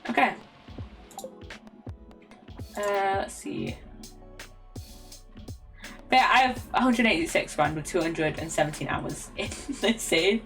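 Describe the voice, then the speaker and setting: A woman's voice: mid-range voice, expressive, slow pace, pauses often, fairly bright tone. A young British woman streaming a game, chatting casually and rambling, often stumbling over her words and giggling. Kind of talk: casual chat while gaming. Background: faint lofi music.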